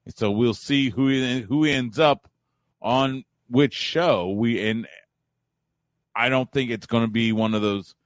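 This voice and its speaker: A man in Central Texas talking as a guest on a radio wrestling show, relaxed and rambling, often restarting his sentences. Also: mid-range voice, takes it slowly, dry recording. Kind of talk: casual chat.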